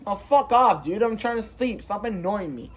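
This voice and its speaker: A man voicing a gruff, bored adult male wolf who brushes others off with lazy scorn. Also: sits high, lively intonation, moderate pace. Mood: dismissive.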